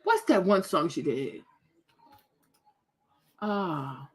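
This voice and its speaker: A woman host giving casual reaction commentary on pictures, animated and exclaiming, repeating herself a lot. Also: fairly low pitch, extremely slow, husky. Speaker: commentary vlogger.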